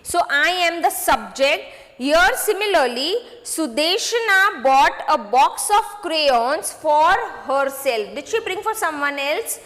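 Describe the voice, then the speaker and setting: A woman teaching a grade six grammar lesson, repeating points slowly and checking in with students. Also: high voice, animated, a bit bright, long reverb tail. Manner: slow, repetitive, addresses students with "okay?" checks.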